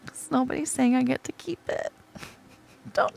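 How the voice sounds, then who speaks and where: Excitable, gravelly-voiced woman streamer. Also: high voice, a little slow, pauses often, slight background noise. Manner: excitable and self-declared dramatic, gushing and groaning. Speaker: game streamer. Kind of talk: casual gameplay chat to viewers.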